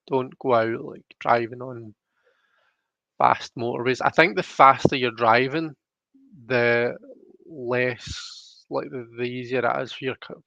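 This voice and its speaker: A young man with a Scottish accent rambles easily through viewer comments on a live stream, with plenty of ums and restarts. His voice sits at an ordinary middle pitch. The sound is dry and slightly dull. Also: creaky, bright, forceful tone, dry recording. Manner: rambling, chatty, frequent fillers. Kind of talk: casual live chat reading comments.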